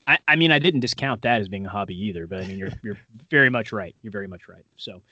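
A man's voice: lowish voice, fast, bright, forceful tone, dry recording, highs cut off. A man co-hosting a podcast in casual, rambling chat, full of fillers and self-deprecating asides. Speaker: podcast co-host.

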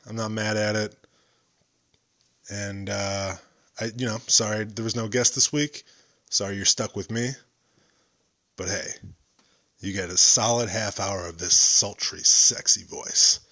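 A man's voice: on the low side, fairly bright tone. A young man hosting a solo podcast, rambling and joking about himself. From United States. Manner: joking, rambling, self-deprecating. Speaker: podcast host.

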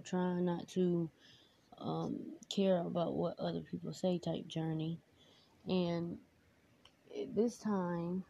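On her own podcast, a woman with a fairly low, creaky, mellow voice and a breathy edge rambles through casual personal talk, candid and emotional, with lots of fillers. Faint noise sits under the dull, lo-fi recording.

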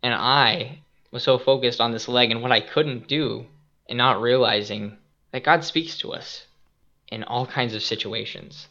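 A young man hosting a casual podcast, retelling a Bible story in an animated, earnest and reflective way, on a dull lo-fi recording. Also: mid-range voice, a little slow. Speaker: podcast host and youth skate minister.

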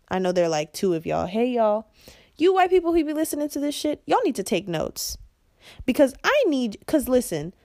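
Gravelly, fired-up young woman ranting. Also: mid-range voice, dry recording, clean studio sound. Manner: blunt and profane, swinging between yelling and quiet intensity. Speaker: podcast host. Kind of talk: impassioned monologue.

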